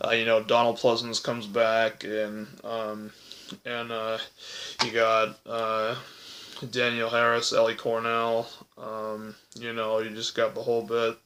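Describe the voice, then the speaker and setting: A man's voice: mid-range voice, bright, forceful tone. A young man casually ranking horror films, rambling with lots of fillers and self-corrections, voice cracking from hiccups. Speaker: movie reviewer.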